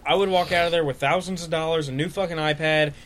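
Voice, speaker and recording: A man's voice: on the high side, fast talker, a little hiss or hum. A young man chatting casually with friends, telling stories with lots of swearing and acted-out quotes. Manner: animated storyteller, swears a lot, acts out quotes.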